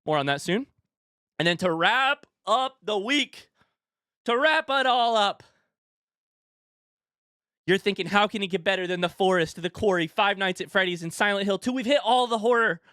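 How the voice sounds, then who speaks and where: Excited streamer, breathless and dry. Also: male voice, high voice, clean tone, no room sound. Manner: excitable, hyped announcer delivery that shifts to quick casual asides. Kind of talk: live stream chat with viewers.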